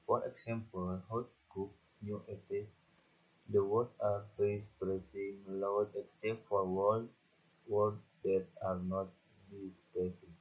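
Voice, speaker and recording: A man with an Indonesian accent slowly reads lists of example words for a class presentation. His voice is low and husky, in a flat monotone. The recording sounds dull and lo-fi. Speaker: student presenter.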